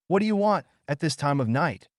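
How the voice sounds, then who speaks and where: A man's voice: medium pitch, very animated, moderate pace, a little mellow, no echo, studio quality, pitched above the performer's own voice, natural voice. A man voicing a gaunt, brusque middle-aged man with a harsh voice and a clipped, snapping delivery, in an audiobook.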